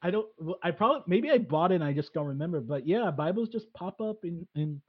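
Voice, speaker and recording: A man's voice: high-pitched, animated, fast talker, slightly rough, lo-fi sound. A man hosting a casual chat, hesitant and full of fillers and restarts. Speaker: podcast host.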